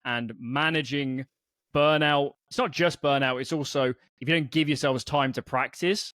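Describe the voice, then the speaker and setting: A man, a guest analyst, explaining points in a measured way with frequent ums in a podcast discussion. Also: fairly high pitch, fairly even intonation, fairly bright tone, dry recording, studio quality.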